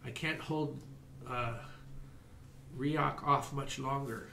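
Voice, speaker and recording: A man playing a lean, unarmored male warrior who urgently shouts commands in a tabletop game. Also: mid-range voice, steady tone, slow pace, vocal fry, reverberant, recorded from a distance, slight background noise, heavily acted.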